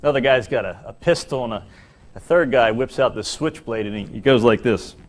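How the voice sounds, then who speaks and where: Middle-aged man, comic workplace speaker, self-mocking, playful timing. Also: mid-range voice. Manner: animated, self-mocking storytelling with dramatic pauses. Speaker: corporate speaker at an employee seminar. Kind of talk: comic speech to a live audience. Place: large hall before an audience.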